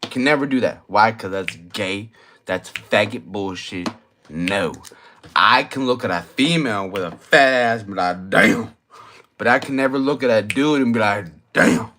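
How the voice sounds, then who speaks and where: A man's voice: on the low side, normal speed, pushed and bright, slight background noise. A young man, tipsy from drinking, rambling through a crude, slang-heavy late-night monologue and repeating his points. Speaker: vlogger.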